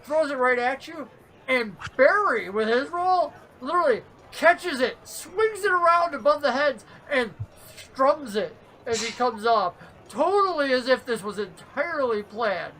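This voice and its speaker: Bright-voiced woman game master. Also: sits high, unhurried, poor audio. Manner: lively, playful, laughs often. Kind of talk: narrating a tabletop game.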